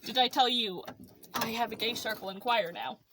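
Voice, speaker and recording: A teenager on a casual podcast chat, telling quick animated stories and chiming in with short agreements. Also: medium pitch, a little hiss or hum. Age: late teens. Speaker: podcast co-host.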